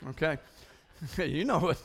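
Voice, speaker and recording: A man preaching a sermon as pastor, animated, often repeating words in quick bursts. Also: on the high side, vocal fry, breathy edge. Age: older than most listeners.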